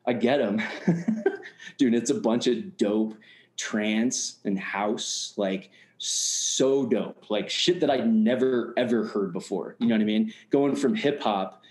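Slangy laid-back man, low voice. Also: slow, a little mellow. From United States. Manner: constant fillers like "you know what I mean". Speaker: storyteller. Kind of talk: casual storytelling. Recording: roomy echo.

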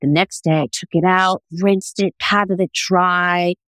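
A middle-aged woman, a food TV producer, telling a lively story as a podcast guest on a remote call. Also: fairly low pitch, measured pace, no echo, low-quality recording. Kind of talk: casual podcast interview.

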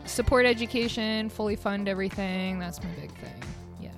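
A woman joins a podcast as a guest, joking and poking fun at herself in loose conversation. Her pitch sits mid-range, with faint music underneath. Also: moderate pace. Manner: joking, self-deprecating. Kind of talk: casual chat.

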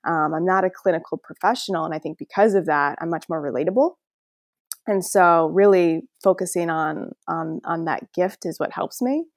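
Animated low-voiced woman guest. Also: normal speed, no room sound, studio quality. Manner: animated, laughs often, acts out voices. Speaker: podcast guest. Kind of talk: casual conversational storytelling.

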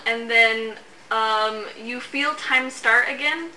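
A woman's voice: a little high, slow, pushed and bright. A woman running a tabletop game as game master, narrating casually with lots of filler words. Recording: roomy echo, faint hiss.

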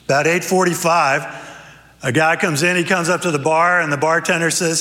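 A man, a pastor, preaching a sermon, praying and then telling a lively story with character voices. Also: normal speed. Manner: animated storyteller, voices characters with raised pitch. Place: church sanctuary. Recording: church hall reverb.

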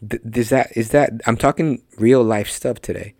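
A man's voice: mid-range voice, normal speed, gravelly, a little mellow, no room sound, clean studio sound. A man teaching a conversational sermon on a podcast, emphatic and speaking straight to his listeners. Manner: emphatic, talks directly to listeners. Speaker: podcast preacher.

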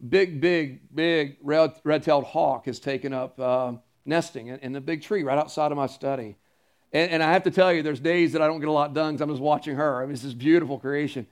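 High-voiced man preaching a sermon. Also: steady tone, a little fast. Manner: earnest, emphatic preaching with repeated phrases; conversational asides to the congregation. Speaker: pastor.

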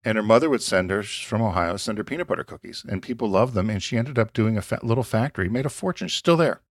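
A man's voice: on the low side, animated, quick pace, dry recording, studio quality. A man co-hosting a business podcast, chatting casually and rambling through anecdotes. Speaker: podcast co-host. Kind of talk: casual chat.

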